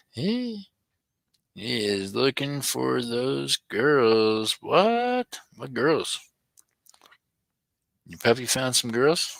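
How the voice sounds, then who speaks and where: A man's voice: low voice, bright, forceful tone, no room sound, rough recording. A middle-aged man, hosting a live-stream auction in a chatty way, reading viewer comments aloud and chuckling often. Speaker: livestream auction host. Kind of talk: casual live-stream chat.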